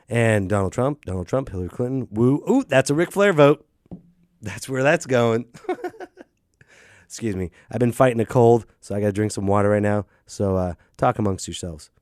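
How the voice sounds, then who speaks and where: A man hosting a solo podcast, ranting in an animated, jokey way. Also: on the low side, no room sound, studio quality. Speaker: podcast host. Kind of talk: casual solo podcast rant.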